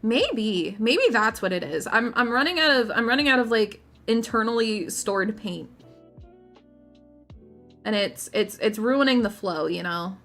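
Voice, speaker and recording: A woman's voice: a little high, expressive, a little slow, fairly bright tone, faint music behind. A woman streamer chatting casually to her viewers while painting miniatures, rambling, giggling and often restarting her sentences.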